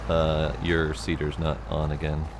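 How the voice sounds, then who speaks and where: A man's voice: very deep voice, a little slow. A man streaming a farming game, chatting casually with a friend and laughing easily. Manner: relaxed, chatty, laughs often. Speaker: gaming streamer. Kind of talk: casual gameplay chat. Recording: loud game vehicle noise behind.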